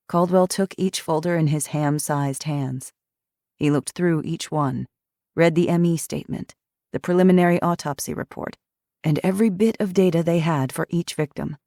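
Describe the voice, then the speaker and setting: A woman narrating an audiobook in a measured, steady storytelling manner. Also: low voice, no room sound, studio quality.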